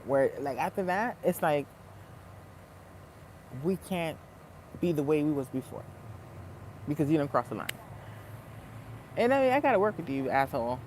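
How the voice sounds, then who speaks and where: Animated, profane man ranting to camera. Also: on the high side, a little hiss or hum. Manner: animated, profane, laughs between lines. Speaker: vlogger. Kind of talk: casual storytelling rant.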